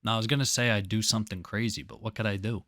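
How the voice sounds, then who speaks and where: A man's voice: fairly low pitch, rapid-fire, no echo, clean studio sound. A man co-hosting a podcast in casual, crude chat, telling stories with acted-out quotes. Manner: animated storytelling with acted-out quotes. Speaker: podcast co-host.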